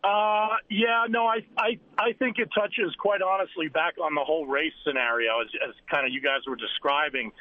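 A man calls into a talk show and stumbles through his points, repeating his words as he goes. His voice sits a little high and comes through a dull, lo-fi phone line. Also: normal speed, few pauses. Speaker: caller. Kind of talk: phone-in call.

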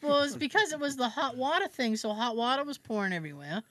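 A woman's voice: high voice, animated, fast, fairly bright tone, slight background noise. A woman co-hosting a podcast, animatedly telling a personal anecdote in casual chat and swearing freely. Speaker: podcast co-host.

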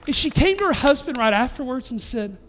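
High-voiced earnest male pastor. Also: big pitch swings, brisk, fairly bright tone. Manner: earnest, conversational, with frequent restarts. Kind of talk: storytelling sermon.

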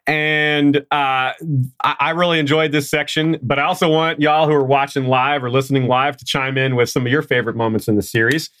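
An eager male podcast host chats with a guest and turns to speak straight to his audience. His voice is mid-pitched and sounds close and dry, with no room in it. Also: steady tone, a little fast, fairly bright tone, no echo. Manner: enthusiastic, addresses listeners directly. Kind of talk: casual podcast interview.

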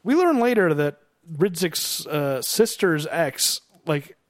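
A man's voice: on the high side, very animated, slow, dry recording, studio quality. A man co-hosting a casual movie discussion, chatty and amused, often restarting his sentences. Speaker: podcast co-host. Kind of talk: casual movie commentary chat.

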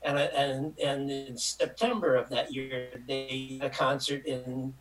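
A man's voice: medium pitch, a little slow, soft background music, poor audio. An older man from Michigan telling a long, rambling story as an interview guest, acting out the voices of people in it. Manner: rambling, animated, acts out quotes. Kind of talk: casual anecdotal storytelling.

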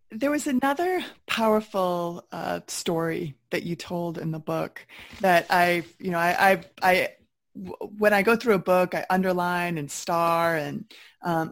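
A woman hosting a podcast interview, speaking haltingly with stumbling restarts as she asks her guest about the book. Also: fairly low pitch, gravelly. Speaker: podcast host. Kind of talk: interview conversation.

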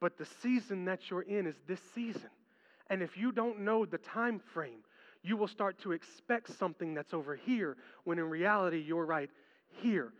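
A male pastor preaching a sermon in a large hall, telling stories animatedly and swinging from hushed tones to excited ones. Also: high-pitched, moderate pace. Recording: reverberant hall, dull lo-fi sound.

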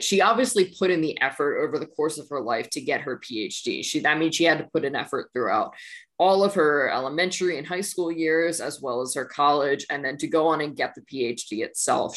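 A woman's voice: sits low, fairly bright tone. A woman co-hosting a podcast, chatting casually and throwing in joking interjections. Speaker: podcast co-host. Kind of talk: casual chat.

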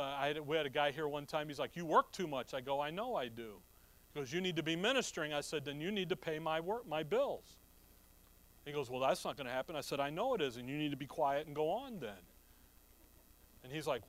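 A man's voice: a little high, fairly bright tone, no echo. A man preaching a sermon to his congregation, reading scripture and explaining it in a folksy, conversational way full of rhetorical questions. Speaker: pastor.

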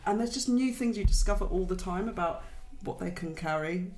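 A woman's voice: lowish voice, fairly quick, echoey room, noisy background. A woman in her thirties co-hosting a podcast, chatty, telling a story and laughing often. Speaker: podcast co-host. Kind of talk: casual chat.

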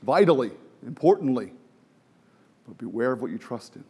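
A middle-aged man preaching a sermon from the pulpit, chatty and self-deprecating, moving between quiet asides and emphatic exhortation. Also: mid-range voice, very animated, moderate pace, husky. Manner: conversational with self-deprecating humor, many restarts and fillers. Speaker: pastor.

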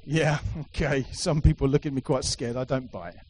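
A middle-aged man preaches to a live congregation in a church hall, emphatic and repetitive, with playful asides. His mid-range voice is fairly even in intonation, moderate in pace, and a little mellow. The recording is rough, with a little hiss or hum.

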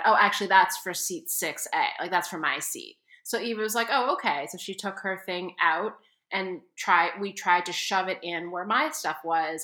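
A woman tells a story on a podcast, casual and animated, acting out each person she quotes. Her voice is bright and forward, and the room around her sounds echoey. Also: on the low side. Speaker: podcast co-host.

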